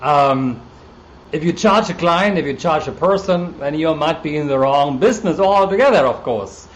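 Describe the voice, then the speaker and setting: A man with a German accent talks casually to a live-stream audience, greeting viewers by name between his points. His voice sits fairly high for a man, and his delivery is relaxed and chatty. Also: normal speed. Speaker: coach hosting a live stream.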